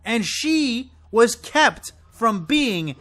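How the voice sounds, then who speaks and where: Drawing out his words in a sing-song, slightly bright voice, a man rants alone to camera about a show while faint music plays underneath. He's exasperated and impassioned, swearing and sputtering with high, swooping delivery.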